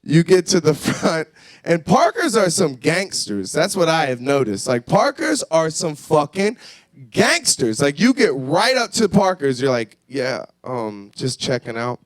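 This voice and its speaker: A young man doing a profane stand-up set at a bar, shouting out to the crowd. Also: a little high, sing-song, unhurried, no echo, clean studio sound. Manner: brash, profane storytelling with shouted crowd work. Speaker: stand-up comedian. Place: comedy bar stage.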